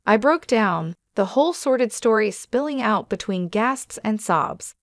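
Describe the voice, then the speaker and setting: Narrating a family drama in the first person, a woman keeps her reading even and unhurried at a medium pitch. The audio is dry and close, capturing no room ambience.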